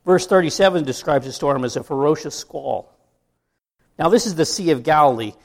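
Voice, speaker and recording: Gravelly conversational male preacher. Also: a little high, normal speed. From United States. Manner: conversational preaching with asides and rhetorical questions. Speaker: pastor. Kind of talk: sermon.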